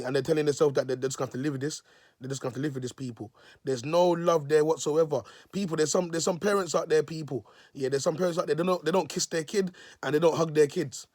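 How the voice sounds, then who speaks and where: A man's voice: on the high side, fairly even intonation, fast, darkish tone, no room sound, studio quality. Preachy man, raised voice. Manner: repeatedly addresses listeners as "people"; repetitive, emotional, restarts phrases. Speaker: self-styled prophet. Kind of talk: preachy vlog monologue.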